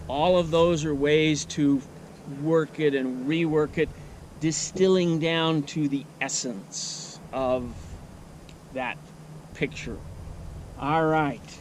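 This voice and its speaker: A man talks slowly and unhurriedly, thinking aloud as he teaches outdoors. His voice sits a little high for a man. A faint outdoor hum runs underneath. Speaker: nature educator. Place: outdoors at a wildlife refuge.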